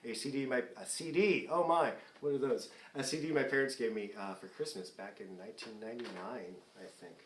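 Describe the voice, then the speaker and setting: A man's voice: medium pitch, fairly quick, few pauses, reverberant, slight background noise. A man in his forties hosting a concert from afar, chatting casually between songs in a self-deprecating way and often laughing. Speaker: singer hosting a fundraising concert. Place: performing remotely, away from the stage.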